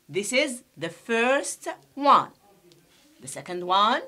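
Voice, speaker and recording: An Algerian woman gives an English pronunciation lesson, speaking slowly and deliberately, repeating every sound for her students and explaining some points in Arabic. Her voice is fairly high-pitched, very animated, pushed and bright.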